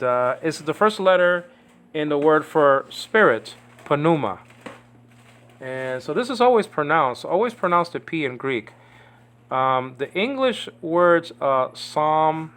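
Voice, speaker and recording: A man's voice: on the high side, fairly bright tone, smooth. A man teaching Greek letters at home in a casual, rambling way, often checking in with "okay?". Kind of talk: informal home video lesson.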